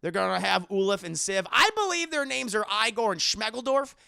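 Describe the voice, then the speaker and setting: A high, gravelly male voice bounces through a profane, animated movie recap on a live stream. His tone is bright and edgy, and the sound is dry and close with no room echo. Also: moderate pace. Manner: animated, profane, acts out characters in put-on voices. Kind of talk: casual livestream movie recap.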